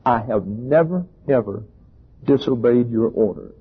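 Preacher putting on a smug, whiny older brother, slow and drawn out, husky voice on a tinny line. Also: male voice, medium pitch, lively intonation, pitched below the performer's own voice. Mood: self-righteous. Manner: slow, drawn-out, self-righteous tone. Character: self-righteous whining elder brother, adult man. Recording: tinny phone-like recording.

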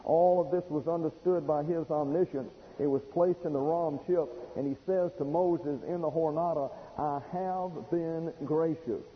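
Folksy preacher in an echoing hall. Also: male voice, a little high, fairly even intonation, slight background noise. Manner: folksy, explanatory, slows for emphasis. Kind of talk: expository sermon. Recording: dull lo-fi recording in a reverberant hall.

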